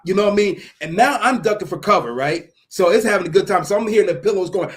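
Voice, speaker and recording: A man with a fairly high voice tells a story in loose, profane chat. He acts out the sounds and the other voices himself and laughs often along the way. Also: animated, fast talker, hardly any pauses, a bit bright. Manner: profane, slangy. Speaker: podcast co-host.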